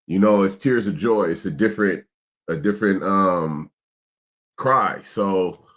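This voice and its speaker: A man's voice: sits low, unhurried, a bit bright. A middle-aged man, chatting casually and emotionally in a laid-back, slang-heavy way. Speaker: vlog host, father. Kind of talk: casual vlog chat.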